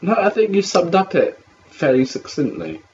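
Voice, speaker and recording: A man co-hosting a casual commentary podcast, teasing his co-host with quick retorts. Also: high voice, wildly swooping pitch, darkish tone. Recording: lo-fi mic with faint hiss.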